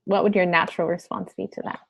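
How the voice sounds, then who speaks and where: A woman teaching a class in a chatty, casual way, with many fillers and quick switches into acted examples. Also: on the low side, steady tone, vocal fry, breathy edge. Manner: chatty, filler-heavy, breaks into role-play quotes. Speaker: wellness sales trainer. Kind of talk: casual instructional talk.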